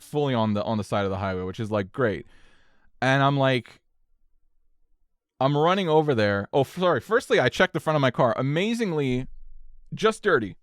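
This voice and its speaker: A man's voice: medium pitch, smooth, no room sound, studio quality. A young man co-hosting a podcast, telling a story in casual chat with swings of energy and a lot of swearing. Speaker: podcast co-host.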